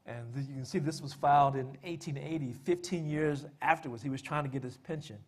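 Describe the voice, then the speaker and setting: A man's voice: medium pitch, a little fast, slightly rough. A man giving a public talk on family history, conversational, with frequent fillers and dry, self-deprecating humor. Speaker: speaker presenting family history and poetry.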